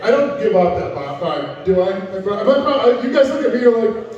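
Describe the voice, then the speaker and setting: A man's voice: high voice, very animated, normal speed, a little mellow. Middle-aged man, stand-up crowd work. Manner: self-deprecating, chatty banter with the audience. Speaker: stand-up comedian. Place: comedy night venue with a live audience. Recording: echoey room, distant muffled mic.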